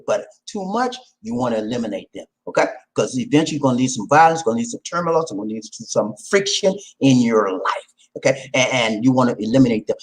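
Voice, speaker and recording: A man hosting a casual advice talk, animated and preachy, with slang and loud laughs at his own jokes. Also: fairly high pitch, poor audio. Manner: slangy, repeats "man" and "okay". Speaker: vlog host.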